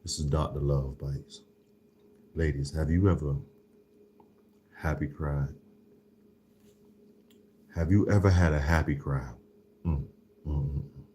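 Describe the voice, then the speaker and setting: A smooth-talking love doctor croons to the ladies in a put-on deep voice, as a man plays him during a food show. His tone sits very low, and he draws each phrase out slowly. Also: fairly even intonation, dark tone, slight background noise. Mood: crooning. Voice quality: deliberately deepened voice. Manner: slow, crooning address to the ladies. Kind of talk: food tasting show bit.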